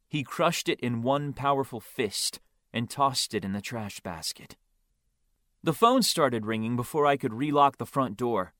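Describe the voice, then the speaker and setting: A man's voice: mid-range voice, measured pace, a bit bright, no room sound. A man narrating a first-person audiobook in a wry, understated way.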